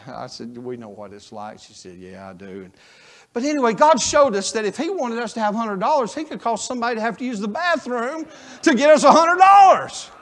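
A man preaching a sermon as a folksy storyteller, dropping to a hush and rising to a shout. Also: high voice. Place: church sanctuary.

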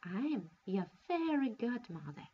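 A woman voicing a short, plump, kindly old fairy godmother in a storybook reading, soothing and unhurried. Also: a little high, big pitch swings, muffled recording, a little hiss or hum.

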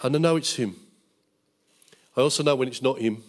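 A man's voice: medium pitch, brisk. A middle-aged man preaching a Bible school sermon as pastor, fervent, with tag questions and jokes.

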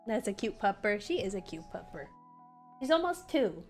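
With faint music playing behind her, a young woman runs a relaxed livestream as community manager, chatting to viewers and cooing at her dog in baby talk. She speaks at a moderate pace in a medium-pitched, very animated voice.

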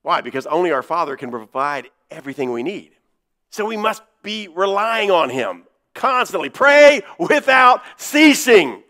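A man preaching in a church with a high, bright voice that swings widely in pitch. He leans hard on key words, slowing down and repeating them for emphasis. His delivery rises and drops from loud to hushed. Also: lively intonation. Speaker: pastor. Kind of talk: sermon.

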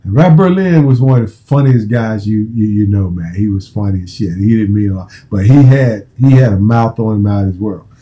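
Man in his fifties, american, former football player, casual profane storytelling, very dark voice. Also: on the low side, a little fast, hardly any pauses, poor audio. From United States. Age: 50s. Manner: profane, repetitive, restarting phrases.

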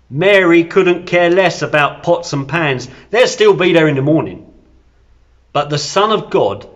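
A man's voice: a little high, a bit bright. A man, a church deacon, preaching a sermon, retelling a Bible story earnestly with self-deprecating asides.

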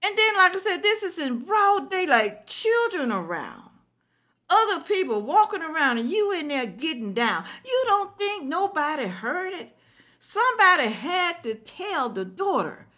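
Indignant woman with a lively, rising voice. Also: high-pitched, measured pace. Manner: indignant, preachy, addresses viewers as y'all. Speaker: reaction video host. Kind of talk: reacting and commenting to viewers.

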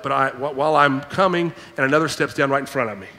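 A male pastor preaching a sermon, reading scripture and then acting out the people in it with lively, animated delivery. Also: a little high, quick pace, hardly any pauses, long reverb tail. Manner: animated preaching, acts out quoted voices. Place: church sanctuary.

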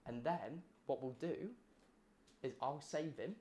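A man hosting a stream in casual chat, excitable and quick to swear and laugh. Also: mid-range voice, echoey room, slight background noise. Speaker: streamer host.

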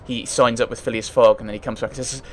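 Brief: male let's player, mid-pitched, halting and chatty, reading game text, faint background hiss. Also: level tone. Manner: thinks aloud, hesitant, restarts often. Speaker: let's play gamer. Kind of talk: casual let's play commentary, reading game text aloud.

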